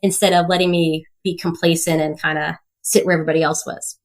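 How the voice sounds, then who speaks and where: She speaks fast, in a low voice with a level tone. This woman in her thirties is a podcast guest sharing casual stories energetically, often laughing and impersonating the people she quotes.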